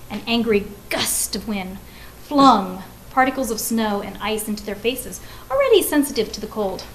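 A woman's voice: mid-range voice, big pitch swings, moderate pace, a little hiss or hum, low-quality recording. A woman reading a story aloud to children, with friendly conversational asides and questions to her listeners.

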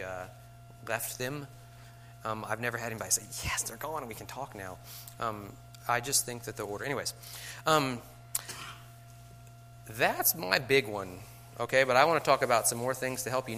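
A middle-aged male teacher speaking to a room of fellow educators, his voice bright and forward. He talks conversationally, tossing in rhetorical questions and little chuckles. A faint hum sits behind him. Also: medium pitch.

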